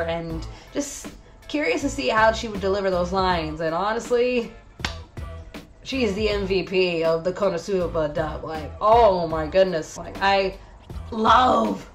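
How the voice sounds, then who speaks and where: A woman's voice: on the low side, a little slow, soft background music. A woman hosting a casual anime review video, chatty and enthusiastic with lots of fillers.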